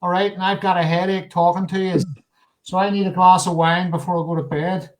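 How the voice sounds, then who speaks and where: Male host, high-pitched, jokey, teasing banter in a casual live show. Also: flat delivery, brisk, low-quality recording.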